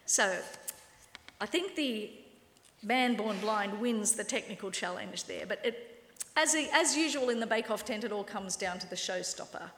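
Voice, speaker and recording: A woman preaching a lively, wry sermon and acting out quoted voices. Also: mid-range voice, a little slow, a little hiss or hum. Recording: echoey hall with long reverb.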